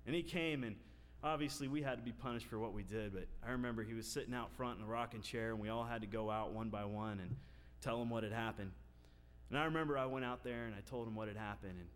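A pastor preaching a sermon, telling a personal story that builds into loud, emphatic preaching. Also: male voice, medium pitch, fairly quick. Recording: long reverb of a large hall.

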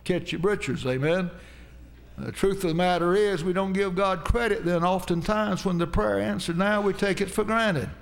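A man's voice: high voice, moderate pace, creaky. A man preaching a folksy sermon, telling homespun stories and calling out amen to the congregation.

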